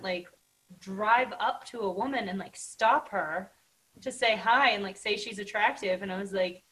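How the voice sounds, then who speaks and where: A woman's voice: mid-range voice, normal speed, a bit bright, poor audio. A woman hosts a casual podcast conversation and tells her own stories. She talks in a chatty way, with plenty of filler words and an easy pace.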